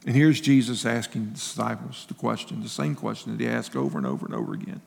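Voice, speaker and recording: A man's voice: mid-range voice, very animated, fast, creaky, darkish tone, big-room sound. A male pastor giving a sermon in a folksy, conversational way, telling personal stories with restarts and laughing asides.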